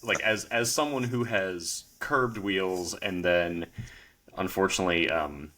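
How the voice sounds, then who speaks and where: Podcast host guy, very low voice but bright and crisp, laid back chat with lots of ums. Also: measured pace. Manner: relaxed, chatty, frequent ums. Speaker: podcast host, car journalist.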